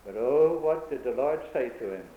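A man's voice: medium pitch, expressive, normal speed. A man preaching a sermon in an old-time cadence, building to fervent, emphatic peaks. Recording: tinny phone-like, echoey room.

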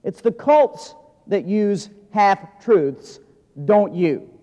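A man preaching a sermon as pastor, earnest, swinging from loud emphasis to quiet intensity. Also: high voice, lively intonation, drawn-out words. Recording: long hall reverb.

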